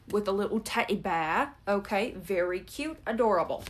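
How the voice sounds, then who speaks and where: A woman's voice: mid-range voice, moderate pace. A woman giving a casual pick-a-card tarot reading. She talks in a chatty way, keeps checking in with "okay?" and swears casually. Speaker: tarot reader.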